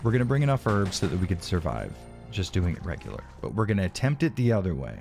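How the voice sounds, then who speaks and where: A man's voice: deep voice, huge pitch swings, fast, creaky, a little mellow, soft background music. A man streaming a video game in casual live commentary, frustrated and swearing constantly, sometimes dropping to a whisper. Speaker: livestreamer playing a video game.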